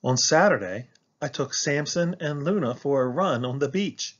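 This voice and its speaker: A man reading a children's picture book aloud in a slow, expressive way, as a teacher for a class. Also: fairly high pitch, muffled recording.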